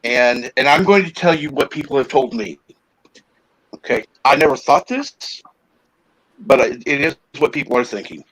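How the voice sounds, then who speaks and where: A man hosting a casual podcast chat, talking in a halting way with many fillers and restarts. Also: medium pitch, lively intonation, fairly bright tone, poor audio. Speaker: podcast host.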